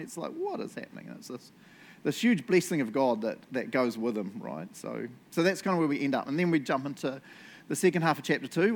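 A male pastor giving a casual, conversational sermon and prayer, self-deprecating and often ending lines with "eh?" or "right?". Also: a little high. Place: church.

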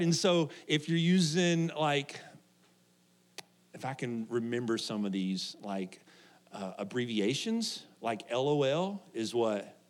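A middle-aged pastor preaching to his congregation in a loose, conversational way. He jokes, laughs often and keeps throwing questions out to the people in front of him. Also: mid-range voice. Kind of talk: sermon.

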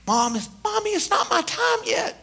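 Guy playing a whiny little kid, squeaky high and bright, pleading like a sheepish boy in a preacher's story. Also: big pitch swings, moderate pace, vocal fry, full character voice.

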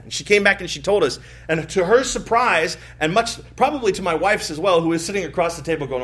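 A pastor preaching a sermon, telling personal stories and rising from quiet asides to emphatic points. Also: male voice, high voice, animated, fast, few pauses. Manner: storytelling, swings from soft asides to emphatic rises.

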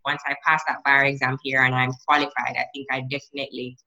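Bright low-voiced Jamaican woman. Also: little pitch movement, fast talker, low-quality recording. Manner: reflective, with many restarts. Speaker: interview guest. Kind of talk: conversational interview.

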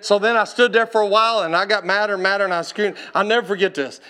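A man preaching from the pulpit with a high voice and a bright, forceful edge. He tells his story in an animated way, laughing and calling out to the listeners as he goes. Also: fast talker. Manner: animated, laughing, calls out to the congregation. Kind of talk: storytelling sermon.

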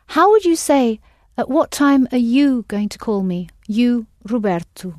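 A woman's voice: on the high side, animated, a little slow, darkish tone, no echo, studio quality. A woman teaching a language lesson, patiently prompting her students with questions.

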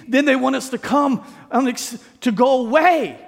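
A man with a very high, gravelly voice preaches a sermon as pastor at a moderate pace, telling stories animatedly with acted-out quotes and playful asides. The church sanctuary gives the recording a reverberant sound.

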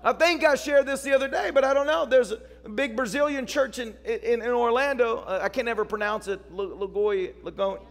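A man preaching a sermon as pastor, telling stories and rising to shouts. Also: very high voice, brisk, creaky, few pauses. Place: church service.

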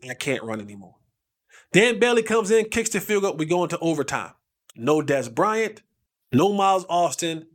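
A man hosting a podcast as a former football player, telling a story in an animated, emphatic way. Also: high voice. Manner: lively, emphatic, acts out quotes with repeated phrases.

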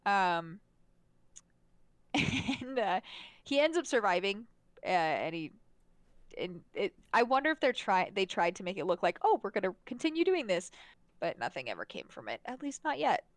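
A woman's voice: medium pitch, sing-song, moderate pace, pauses often, no echo. A young adult woman in casual podcast chat, recapping a film with many fillers, restarts and frequent laughs. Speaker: podcast co-host. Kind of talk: casual chat reviewing a movie.

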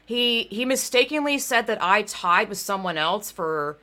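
Woman, ex-racer, bright forceful voice, blunt and profane, casual chat. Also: medium pitch, lively intonation, a little slow. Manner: blunt, swears a lot, gets heated. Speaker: former bike racer. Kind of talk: casual conversation.

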